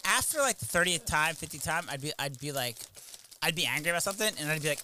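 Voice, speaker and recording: A man in his thirties, a podcast co-host, chatting casually and telling animated stories with swearing and mimicry. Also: a little high, fast, a little hiss or hum. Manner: animated storyteller, swears, mimics family in shouted bursts. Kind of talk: casual chat.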